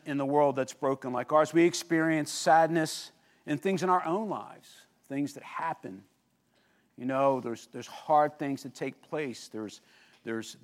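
A man preaching a sermon, telling the story vividly, swinging between lively emphasis and hushed, intense moments and asking the listeners questions. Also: mid-range voice. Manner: animated storytelling with sudden drops to quiet intensity. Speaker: pastor.

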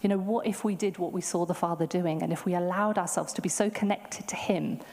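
A woman's voice: lowish voice, steady tone, a little fast, hardly any pauses, a little mellow. A woman giving a sermon testimony, telling a personal story in a casual, chatty way with fillers and quoted thoughts. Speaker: preacher. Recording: long hall reverb.

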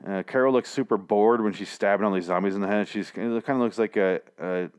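A man with a fairly low voice talks through a show recap in a loose, rambling way. He swears freely and restarts his sentences often. The tone is casual and offhand. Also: fairly quick, darkish tone, clear, resonant tone. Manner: profane, rambling, frequent restarts. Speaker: TV episode recap host.

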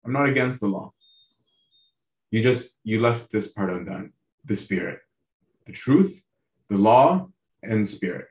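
Earnest priest preaching in an echoey room. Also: male voice, on the low side, unhurried, long pauses. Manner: earnest, asks listeners direct questions; conversational, tags lines with "right?". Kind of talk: sermon on a Bible passage. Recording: roomy echo.

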